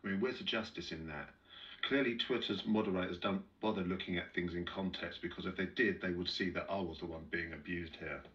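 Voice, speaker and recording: A man with a very low voice complains in an aggrieved, put-upon way. He sounds distant and muffled, as if his clip is played back from far off the mic. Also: brisk, fairly bright tone.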